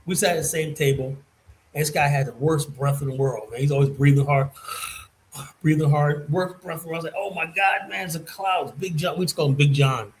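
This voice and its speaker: A man streaming a casual monologue, telling a story in a rambling, profane way that swings from muttering to loud emphasis. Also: a little high, fairly even intonation, fairly quick, slight background noise, low-quality recording. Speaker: streamer and commentator.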